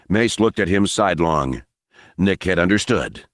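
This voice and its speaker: A man narrating an unabridged novel audiobook with expressive, measured storytelling. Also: deep voice, dry recording, clean studio sound.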